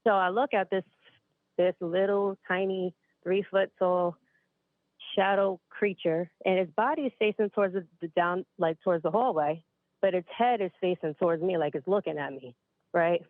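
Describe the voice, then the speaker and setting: A woman's voice: fairly low pitch, normal speed, dry recording. Woman in her late twenties, from upstate New York, chatty storyteller, slightly out of breath, dry tinny phone line. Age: late 20s. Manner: chatty, addresses listeners as you guys. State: a bit out of breath. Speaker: caller. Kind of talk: casual spooky storytelling.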